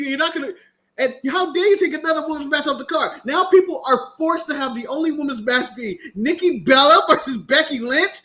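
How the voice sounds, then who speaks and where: American guy doing an angry lady wrestler cussing out her boss, very high bright voice. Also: heavily acted. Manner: profane indignant tirade. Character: furious woman wrestler ranting at her boss.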